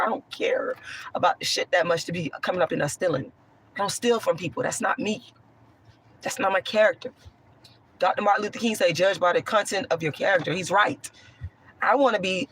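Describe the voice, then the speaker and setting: A woman with a hoarse voice, talking bluntly and profanely while answering chat on a livestream. She swings from a raised voice to soft talk. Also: mid-range voice, a little hiss or hum. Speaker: online commentator.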